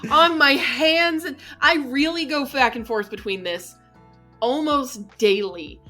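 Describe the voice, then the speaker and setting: Bright, lively woman co-host; casual gaming banter, quick to laugh. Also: sits high, soft background music. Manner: animated, laughs often, ends points with "right?". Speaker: podcast co-host.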